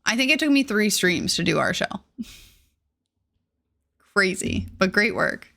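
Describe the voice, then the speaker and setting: A woman's voice: medium pitch, very animated, a little slow, vocal fry, a bit bright. A young woman streaming, chatting casually and gushing as she greets viewers and reads chat aloud.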